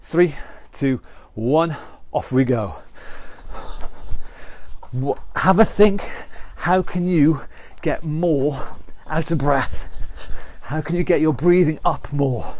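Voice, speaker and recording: A British man teaches an online fitness class in a slightly higher voice. He counts each round down and calls out the moves as he goes. He keeps the group going with steady encouragement. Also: takes it slowly, no room sound. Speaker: fitness instructor. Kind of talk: online exercise class instruction.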